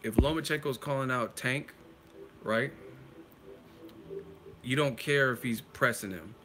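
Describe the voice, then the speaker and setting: A man hosting a live-stream boxing chat, talking casually and excitedly, laughing often and swearing freely. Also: medium pitch, measured pace, background noise. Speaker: boxing channel host.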